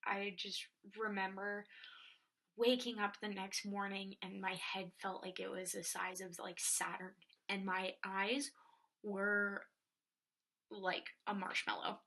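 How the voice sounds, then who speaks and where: A young woman telling a personal story in a soft, often whispery voice, with many filler words. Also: medium pitch, flat delivery, takes it slowly. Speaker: vlogger.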